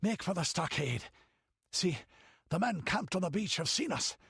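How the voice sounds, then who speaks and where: A man's voice: fairly high pitch, animated, normal speed, vocal fry, a bit bright, breathy edge, dry recording, clean studio sound, pitched above the performer's own voice, heavily acted. A man voicing a hardened buccaneer in an audiobook, panting and breathless.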